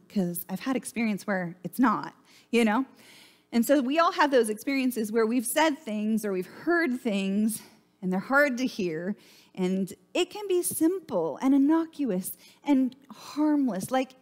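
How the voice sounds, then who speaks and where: A woman's voice: a little high, lively intonation, unhurried. Conversational woman pastor preaching. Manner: conversational, asks "right?" often. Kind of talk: sermon. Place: church.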